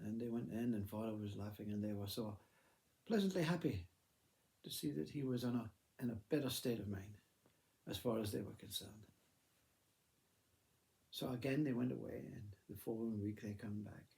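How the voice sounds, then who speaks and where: A man telling a spiritual parable in a measured, gently emphatic way, often repeating words. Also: fairly low pitch, gravelly. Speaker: storyteller. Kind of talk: spoken parable.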